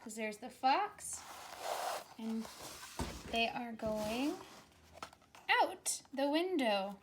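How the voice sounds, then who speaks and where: Slow, high-voiced woman reading to children. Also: animated, noisy background. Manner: gentle, coaxing, invites children to repeat animal sounds. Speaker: teacher reading a picture book.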